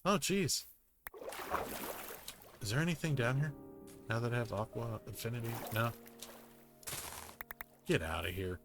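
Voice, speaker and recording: A man's voice: medium pitch, unhurried, long pauses. A man giving rambling, jokey gameplay commentary, muttering self-deprecating asides to himself as he plays. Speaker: gaming YouTuber. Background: music.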